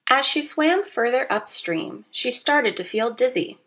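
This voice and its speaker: A woman narrating a children's storybook aloud, expressive and playful, with teacherly asides to young listeners. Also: a little high, a little slow.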